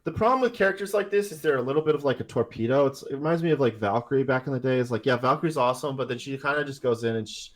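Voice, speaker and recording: A man's voice: medium pitch, racing, hardly any pauses. A man co-hosting a casual tabletop gaming podcast, rambling with lots of fillers and restarts. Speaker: podcast co-host.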